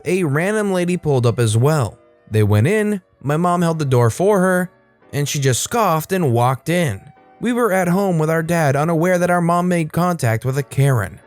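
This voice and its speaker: Lively high-voiced man reading stories. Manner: lively, animated storytelling. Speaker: storytime channel host. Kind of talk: reading online stories aloud.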